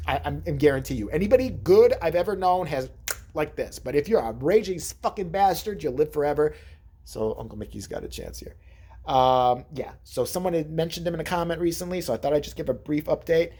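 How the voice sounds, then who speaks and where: A man giving a casual vlog update, crude and sarcastic, with a husky voice. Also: a little high, lively intonation, brisk, dark tone. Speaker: vlogger.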